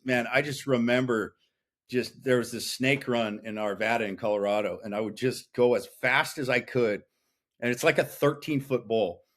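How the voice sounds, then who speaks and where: A man's voice: mid-range voice, fairly bright tone. A man in his thirties, a podcast guest, telling his story in a blunt, profane, intense way. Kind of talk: casual interview chat.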